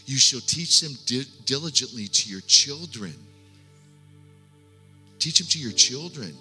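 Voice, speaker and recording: A middle-aged man preaching a sermon with a personal testimony, speaking earnestly with halting restarts and dropping to hushed tones. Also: mid-range voice, lively intonation. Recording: long hall reverb, faint music.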